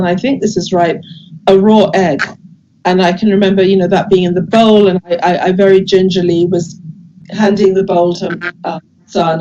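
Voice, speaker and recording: Older woman telling stories on a video call; mellow tone, halting and warm-paced, slightly muffled line. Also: mid-range voice, a little hiss or hum. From England. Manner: gentle, hesitant, many restarts and fillers. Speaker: guest speaker sharing memories. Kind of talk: casual storytelling over video call.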